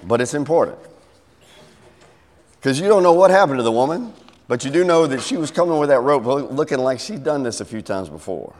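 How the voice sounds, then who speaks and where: A man's voice: medium pitch, lively intonation, brisk. A middle-aged man preaching a sermon, telling a story and acting out its voices with big swings. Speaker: pastor. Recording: long hall reverb.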